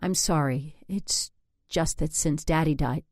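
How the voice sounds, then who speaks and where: A grieving sixteen-year-old girl in a storybook scene, hesitant and on the edge of tears, voiced by a woman. Her voice sits above the narrator's low register, and the recording is dry and close. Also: a little slow, a little mellow, no echo. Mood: tearful. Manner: hesitant, tearful. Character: teenage girl, grieving and uneasy.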